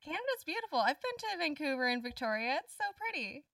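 A woman hosting a casual interview, eager and quick to react. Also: high-pitched, sing-song, pushed and bright, no echo, studio quality. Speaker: host. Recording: voice a bit far from the mic.

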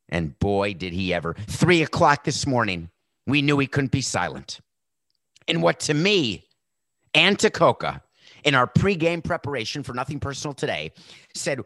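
A man hosts a sports show and delivers a mocking, sarcastic monologue. His pitch swoops up and down with lots of life. The recording is dry and close. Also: sing-song, moderate pace, fairly bright tone, no echo. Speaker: sports talk show host. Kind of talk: satirical sports commentary monologue.

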